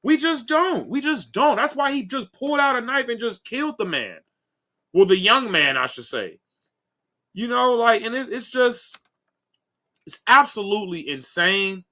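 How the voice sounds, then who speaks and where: Lively, bright-voiced male commentator. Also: very high-pitched, measured pace. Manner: rambling, keeps saying guys and um. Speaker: commentary channel host. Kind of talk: casual commentary video.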